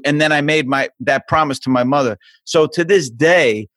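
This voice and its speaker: A man in his fifties with a Boston accent, a guest telling stories in a casual remote interview. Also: dry recording. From South Boston, USA. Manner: animated storyteller, jumps into higher pitch. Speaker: podcast guest, TV host. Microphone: remote call mic.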